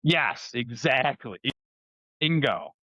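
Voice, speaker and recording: Guy telling a story all fired up, bam and boom noises, kinda muffled lo-fi mic, dry. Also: takes it slowly, breathy edge, dry recording. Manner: excitable, with sound effects and acted-out dialogue. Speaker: co-host and martial arts competitor. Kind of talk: animated casual storytelling.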